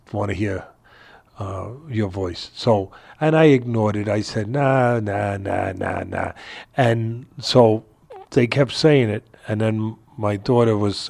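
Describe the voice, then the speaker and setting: An older man, a boxing trainer, telling a story in a casual interview from his home, animated and laughing as he talks. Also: fairly low pitch, gravelly. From New York area.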